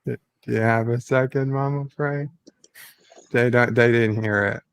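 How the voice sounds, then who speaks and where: A man hosting a casual livestream chat, speaking in a halting way with many fillers and pauses. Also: mid-range voice, fairly even intonation, smooth, no echo. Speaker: livestream host.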